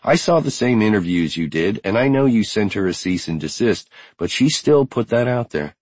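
A man's voice: lowish voice, expressive, normal speed, darkish tone, no echo, voice pushed up. A man voicing a grieving widowed woman in an audiobook, tired but strong, speaking bluntly and earnestly. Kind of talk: audiobook character reading.

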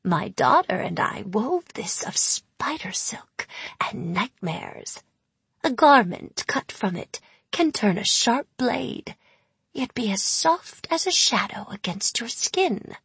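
A woman's voice: mid-range voice, very animated, slow pace, husky, no echo, full character voice. A woman voicing a sly, cold, ancient female hag in an audiobook, with a purring, whispery delivery. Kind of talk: audiobook character voice.

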